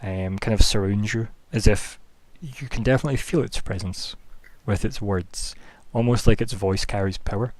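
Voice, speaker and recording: A man's voice: on the low side, normal speed, hardly any pauses, a little mellow, no room sound. A man narrating as game master of a tabletop game, rambling through scene descriptions with lots of fillers.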